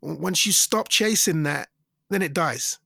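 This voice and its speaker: A middle-aged man telling stories in a casual interview, animated and acting out the voices of people he quotes. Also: unhurried, vocal fry, husky, dry recording, clean studio sound. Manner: animated, acts out quoted voices with big pitch jumps. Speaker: singer and interview guest.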